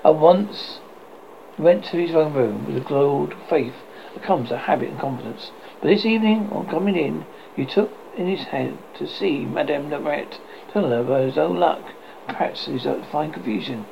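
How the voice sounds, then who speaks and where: A man narrating a classic story aloud in a steady reading voice, with occasional small slips. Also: on the high side, moderate pace, creaky. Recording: slightly dull, faint hiss.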